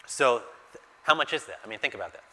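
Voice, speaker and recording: A man's voice: mid-range voice, expressive, quick pace, sharp tone. A man preaching a sermon through a Bible passage, talking conversationally and asking his listeners rhetorical questions. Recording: echoey hall with long reverb.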